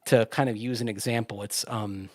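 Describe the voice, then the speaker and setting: A man's voice: on the low side, fairly even intonation, normal speed, a little mellow, dry recording, studio quality. A man co-hosting a sports radio show, chatting casually, laughing often and restarting his sentences. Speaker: sports radio co-host and team reporter.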